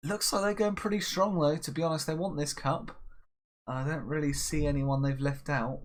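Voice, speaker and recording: A man hosting a casual gaming video, talking through his tactics and commentating on the match, breaking into excited shouts when his side scores. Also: mid-range voice. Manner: chatty, bursts into excited shouts at goals. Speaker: gaming channel host. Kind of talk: casual Let's Play commentary.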